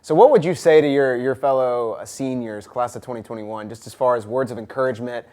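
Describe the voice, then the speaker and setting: A man's voice: mid-range voice, brisk, dark tone. This is a man hosting a casual school podcast interview. His voice sits in a middle range, and his delivery is upbeat and talkative. He laughs easily as he goes. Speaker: school ministry director and podcast host.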